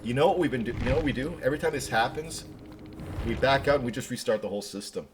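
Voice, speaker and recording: A man streaming a game live, chatty and excitable, talking to viewers between moves. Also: mid-range voice, fast, slight background noise. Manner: chatty, excitable, laughs easily. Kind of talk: live gameplay commentary.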